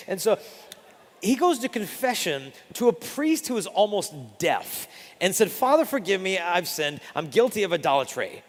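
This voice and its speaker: A man giving a storytelling sermon, acting out the voices in his anecdotes. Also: on the high side. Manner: animated, acts out voices in anecdotes. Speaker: preacher. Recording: reverberant hall.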